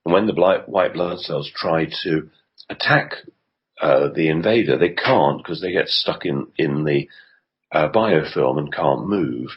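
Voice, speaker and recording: A man's voice: very deep voice, measured pace, husky, highs cut off. A male health consultant answering interview questions on the radio, explaining in a hesitant way with frequent ums and restarts.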